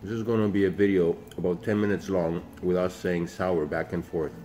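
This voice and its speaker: Deep-voiced man joking in a cafe. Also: fairly even intonation, brisk, warm tone. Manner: teasing, dry jokes. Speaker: vlogger. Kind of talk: casual chat. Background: music.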